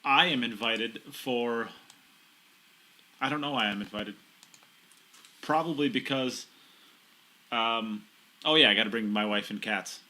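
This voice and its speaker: A man's voice: medium pitch, measured pace, long pauses, bright, forceful tone. A man co-commentating on a pool match, playful and full of banter. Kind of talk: live sports commentary.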